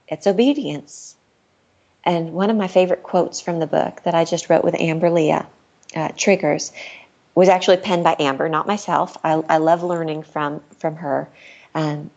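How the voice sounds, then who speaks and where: A woman's voice: on the low side, darkish tone, dull audio. A middle-aged woman, a podcast guest, telling a personal story in a candid, earnest way and laughing now and then. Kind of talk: personal storytelling in casual chat.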